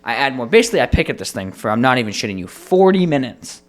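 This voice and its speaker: A man co-hosting a casual podcast, telling a story with lots of swearing. His voice swings widely up and down in pitch as he acts out his own frustration, at a middle pitch for a man. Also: quick pace. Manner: animated, profane storytelling. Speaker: podcast co-host. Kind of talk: casual chat.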